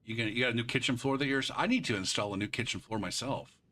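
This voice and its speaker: A man's voice: mid-range voice, rapid-fire, pushed and bright, slight background noise. A man streaming a game live, ranting about it in a frustrated, profane way and drifting into rambling asides. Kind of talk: live gameplay commentary.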